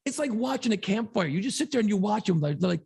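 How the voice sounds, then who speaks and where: A man co-hosting a podcast, telling a long story in a casual, profane, animated way. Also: sits high, fast, gravelly, breathy edge. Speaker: podcast co-host.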